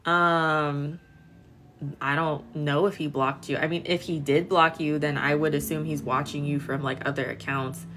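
A woman's voice: sits low, fairly even intonation, unhurried, fairly bright tone, a little hiss or hum. A young woman in her twenties doing a casual live-stream tarot reading, chatty and full of filler words while she talks to viewers. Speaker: tarot reader.

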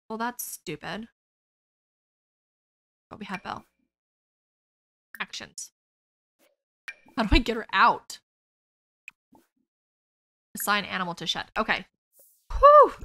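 A woman gives casual let's-play commentary in a bright, forceful voice, chatty and quick to get worked up as she narrates her own moves. Faint music plays under her talk. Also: mid-range voice. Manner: chatty and excitable, thinks aloud to viewers. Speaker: gaming video host.

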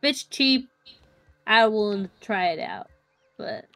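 A woman's voice: mid-range voice, animated, slow, a bit bright, no room sound. A woman playing a survival game with friends, teasing and chatting casually. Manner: teasing, laughing along. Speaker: co-player. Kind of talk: casual gaming chat.

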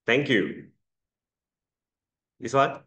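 A man's voice: mid-range voice, drawn-out words, sharp tone. A man teaching English pronunciation to a class, patiently drilling vowel sounds and calling on students. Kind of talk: classroom lesson.

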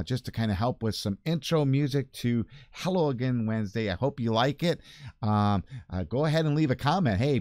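A man's voice: medium pitch, a little mellow, no echo, studio quality. An older man, a pastor, talking casually from his church office in a rambling, chatty way. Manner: rambling, chatty, self-correcting. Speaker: pastor hosting a weekly video segment. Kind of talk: casual chat.

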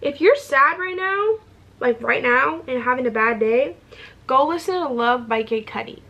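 Young woman, slightly high voice, casual candid chat at home, swears and laughs freely. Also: animated, normal speed, sharp tone, dull audio. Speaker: beauty vlogger. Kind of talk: casual chat while doing makeup.

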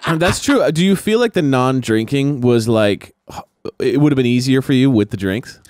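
Podcast guy asking stuff quick and jokey, bouncy voice, dry sound. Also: mid-range voice, animated, darkish tone, no echo. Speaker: podcast co-host. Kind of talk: casual comedic chat.

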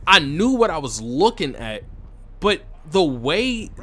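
Bright-voiced man calling his own game. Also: slow pace. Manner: talks to himself, swings from low muttering to excited yelling. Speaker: gaming channel host. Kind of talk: casual gameplay commentary.

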